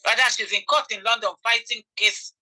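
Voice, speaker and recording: A woman's voice: fairly high pitch, fairly even intonation, a little fast, pushed and bright, low-quality recording. A Nigerian woman giving impassioned commentary, repeating phrases for emphasis and pleading with her audience. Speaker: online commentator.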